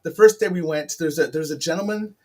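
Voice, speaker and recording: A middle-aged man with a fairly high voice talks casually, circling back and restarting as he tells a long personal story. He is frank and open, piling on side remarks before getting to the point. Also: brisk, darkish tone. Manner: rambling, upfront storytelling with many restarts. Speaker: podcast host. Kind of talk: casual chat.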